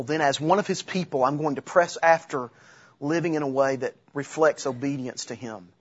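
Husky-voiced male preacher. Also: on the high side, muffled recording. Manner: conversational preaching with humor and rhetorical questions. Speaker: pastor. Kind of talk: sermon.

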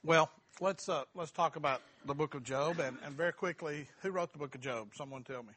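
A man's voice: on the high side, fairly quick, a bit bright, a little hiss or hum. A middle-aged man teaching a church Bible class, joking and quizzing the group. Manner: folksy, asks the group questions, self-deprecating humor.

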